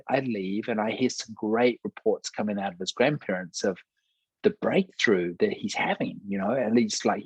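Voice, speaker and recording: Husky, earnest man telling testimony. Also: on the low side, darkish tone, no echo, poor audio. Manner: earnest storyteller, acts out quoted dialogue. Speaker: pastor.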